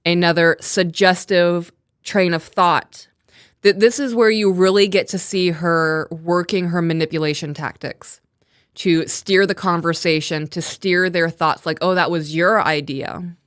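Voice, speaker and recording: A woman's voice: fairly low pitch, measured pace, smooth, no room sound, clean studio sound. A woman co-hosting a live stream, casually breaking down a true-crime case and reading quotes aloud. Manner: reads quotes aloud, animated retelling. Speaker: podcast co-host.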